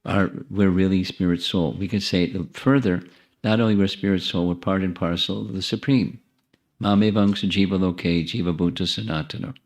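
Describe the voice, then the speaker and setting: A deep-voiced man lecturing on spiritual teachings, talking in a loose, conversational way. He often restarts his phrases and turns to the audience with friendly asides. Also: steady tone, moderate pace. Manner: repeats and restarts phrases while thinking. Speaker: monk giving a spiritual talk.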